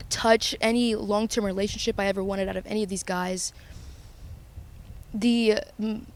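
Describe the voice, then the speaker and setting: A young woman talking through her feelings in a confessional vlog, earnest and emotional, halting with pauses and restarts. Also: mid-range voice, a little mellow. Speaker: vlogger.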